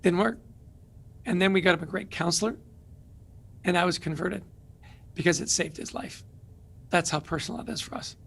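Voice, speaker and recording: Man, high voice, gravelly fry, middle-aged author guest, emphatic storyteller. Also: normal speed, long pauses. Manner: animated, emphatic, rhetorical questions. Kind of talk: energetic interview storytelling.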